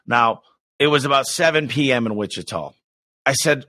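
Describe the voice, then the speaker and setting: A man's voice: medium pitch, normal speed, dry recording. A man, a business owner, telling stories with energy and enthusiasm as a podcast guest. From United States. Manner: energetic, enthusiastic, animated storyteller. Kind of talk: storytelling in a podcast interview.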